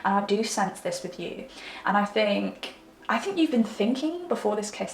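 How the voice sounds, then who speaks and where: Woman doing a tarot reading, chatty and close, mid pitch, echoey room. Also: lively intonation, moderate pace, creaky. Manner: chatty and intimate, checks in with "okay?". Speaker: tarot reader. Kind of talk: tarot card reading to camera.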